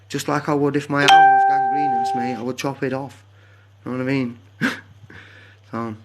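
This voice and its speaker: A man's voice: mid-range voice, slight background noise. A man chatting casually on a phone live stream, rambling and drifting off onto tangents. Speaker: livestreamer.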